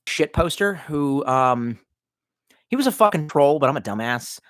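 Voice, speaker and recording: A man's voice: on the high side, animated, a little slow, no echo, clean studio sound. A man live-streaming in casual chat, reading out viewer comments and rambling with lots of swearing, fillers and restarts.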